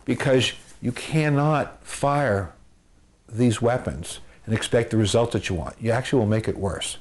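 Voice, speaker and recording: Earnest advice to the camera comes from a man who works as a marriage and family therapist, speaking in a mid-range voice at normal speed. He repeats phrases for emphasis and relies on homespun, everyday comparisons.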